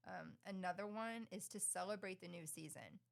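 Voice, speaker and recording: Bubbly divorced mom chatting casually. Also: female voice, on the low side, moderate pace, gravelly. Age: middle-aged. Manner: bubbly, laughs often, animated retellings. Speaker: podcast co-host. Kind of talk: casual chat.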